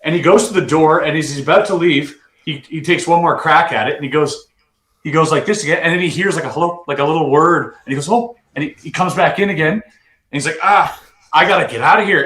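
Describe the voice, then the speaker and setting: A man co-hosting a podcast who tells a story with animated energy and acts out the quotes. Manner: excitable, acts out quotes with big swings in pitch. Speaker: podcast co-host. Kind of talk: casual chat, animated storytelling. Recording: roomy echo.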